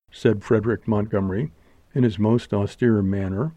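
A man narrating an audiobook in a measured, even reading. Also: on the low side, no room sound, dull audio. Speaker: audiobook reader. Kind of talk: scripted narration.

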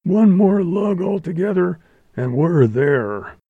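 A man voicing a rough old-West stage driver, hollering and coaxing his horses. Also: high-pitched, animated, slow, no room sound, phone-quality sound, pitched above the performer's own voice, exaggerated voice. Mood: urging.

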